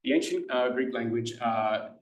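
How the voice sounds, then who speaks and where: A man's voice: mid-range voice, steady tone, normal speed. A young man giving an informal workshop talk, conversational and full of fillers and restarts, explaining language points to a class. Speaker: workshop presenter. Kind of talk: informal lecture. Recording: roomy classroom echo.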